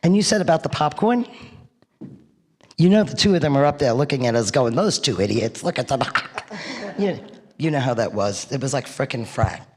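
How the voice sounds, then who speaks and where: A middle-aged woman from New York gives a eulogy in a church hall, telling funny stories and laughing through them. Her bass voice is animated and a little mellow, moving at normal speed with frequent pauses. The hall's reverb lingers long.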